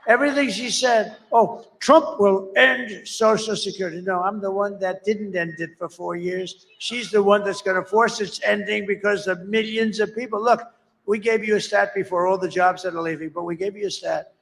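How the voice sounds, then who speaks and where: An older man in his seventies delivers a campaign rally speech in a rambling, boastful way, drifting into asides. His voice sits high and has a rough, gravelly edge. A long reverb from a large rally hall trails after his words. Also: fairly even intonation, normal speed, a bit bright. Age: 70s. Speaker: political candidate.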